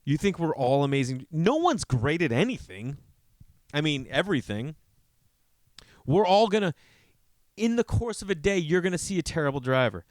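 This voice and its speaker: Podcast host, male: animated, swearing storyteller who jumps into quoted voices, close and dry sound. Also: moderate pace, pauses often, no echo. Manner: animated, profane, acts out quotes in a higher voice. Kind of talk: rambling comedic storytelling.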